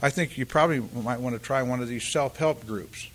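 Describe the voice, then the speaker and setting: An older man giving a halting, rambling personal share at a recovery meeting, full of restarts and "you know," and acting out the voices of the people in his story. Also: medium pitch, fairly bright tone. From California, US. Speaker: speaker sharing at a recovery meeting.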